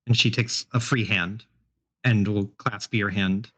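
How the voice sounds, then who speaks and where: A man's voice: fairly low pitch, fairly even intonation, measured pace, fairly bright tone, muffled recording. Rambling man running a tabletop game. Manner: rambling, hesitant, full of fillers. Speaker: game master.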